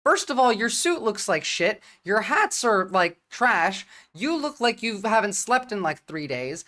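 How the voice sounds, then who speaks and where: Jersey-accent woman streamer, blunt and sweary, fast bursts of talk. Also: medium pitch, sing-song, a bit bright. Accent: New Jersey. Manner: blunt, profane, rapid-fire. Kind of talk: livestream commentary.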